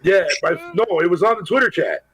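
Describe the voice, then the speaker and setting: A man from Canada co-hosting a casual podcast, blunt and quick to swear. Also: high-pitched, very animated, crowd noise, poor audio. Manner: blunt and profane. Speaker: podcast co-host.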